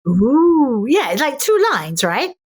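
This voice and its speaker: A middle-aged English woman chats in an animated, playful way as an interview guest. Her voice sits a little high, and she readily slides into other people's ways of talking. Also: moderate pace, gravelly. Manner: animated and playful, slipping into mimicry. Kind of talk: casual interview chat.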